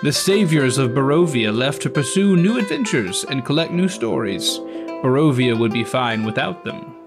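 A man's voice: medium pitch, lively intonation, moderate pace. A man giving a scripted dramatic narration of a fantasy adventure intro. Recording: music behind the voice. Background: guitar music.

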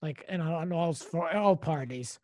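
A man's voice: a little high, a little slow, dry recording, studio quality. A man co-hosting a podcast, musing aloud with lots of "like" and half-finished questions. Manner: musing, full of "like" and trailing questions. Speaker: podcast co-host. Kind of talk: casual chat.

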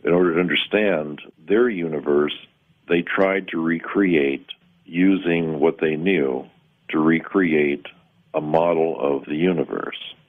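A man calmly recounting a strange personal experience in plain, measured words, sometimes pausing to find the right term. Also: a bass voice. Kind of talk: first-person spoken recollection. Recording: tinny phone-like line.

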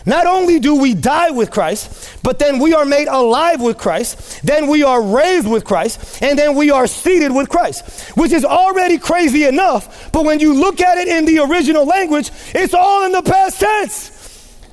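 A man preaching a sermon as pastor to his church, impassioned and rising to shouts, repeating phrases for emphasis. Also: very high-pitched, expressive, normal speed. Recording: long hall reverb.

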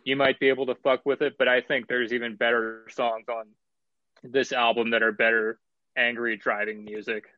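A man in his twenties co-hosting a podcast, giving his opinions on music in a relaxed, long-winded casual way. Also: mid-range voice, moderate pace, no room sound, phone-quality sound. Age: 20s. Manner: relaxed, opinionated, talks in long run-on thoughts. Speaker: podcast co-host. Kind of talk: casual music-review chat.

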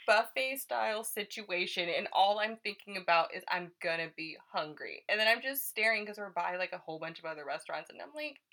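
A young woman telling a story in casual chat, animated and laughing often, acting out her own thoughts. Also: lowish voice, fast, hardly any pauses.

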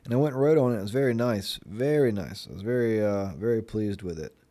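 A man's voice: fairly low pitch, fast talker, mellow. A young man from Florida in a casual vlog chat, rambling and sarcastic, full of fillers. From Florida, United States. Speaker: vlogger.

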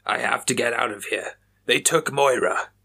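A man's voice: medium pitch, moderate pace, creaky, sharp tone, husky, exaggerated voice. A frightened police officer speaks in an anxious, whiny voice, as a man narrating a horror story puts him on. He sounds worried and eager to get away. His voice sits in a plain middle register, only slightly raised. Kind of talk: audiobook character voice.

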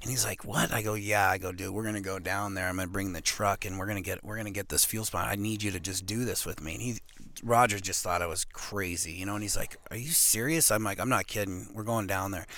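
A man from Montana, a professional arm wrestler, telling a long casual story as a podcast guest, rambling and animated with lots of "you know what I mean". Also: deep voice, quick pace, a little hiss or hum. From Montana, USA.

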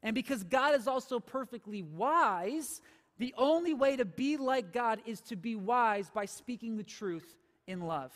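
A man preaching a sermon as pastor, emphatic and asking the congregation questions. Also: sits high. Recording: long hall reverb.

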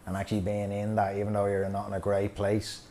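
A man's voice: lowish voice, monotone, fast talker, dark tone, a little hiss or hum. Man telling a sweary story. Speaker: podcast host. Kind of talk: casual storytelling chat.

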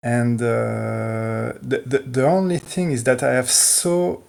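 A man in a casual online tech call, talking haltingly with many restarts. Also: medium pitch, steady tone, gravelly, darkish tone. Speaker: community contributor.

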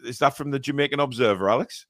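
Man, podcast host, casual rambling chat, teasing, hesitant, dry close sound, mid pitch. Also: quick pace, a bit bright, no echo. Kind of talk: casual live-stream chat.

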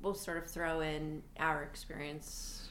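A woman from Colorado co-hosting a podcast in casual chat, lively and laughing often. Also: deep voice, measured pace, crowd noise. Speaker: podcast co-host.

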